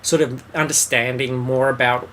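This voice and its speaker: A man co-hosting a podcast, reviewing films in a relaxed, rambling way with many fillers. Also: medium pitch, moderate pace, slight background noise. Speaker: podcast co-host. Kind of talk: casual film review chat.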